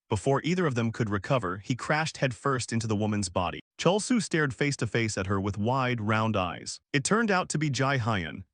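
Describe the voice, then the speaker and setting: A man narrating a comic recap story in a steady, even reading. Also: mid-range voice, a little fast, hardly any pauses, no room sound, clean studio sound.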